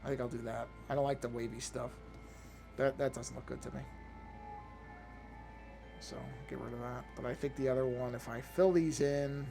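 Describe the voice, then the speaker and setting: Streaming while he draws, a man thinks aloud in a casual, hesitant manner, frequently abandoning sentences and starting them over. His mid-range voice is a little mellow with vocal fry, picked up by a desk microphone.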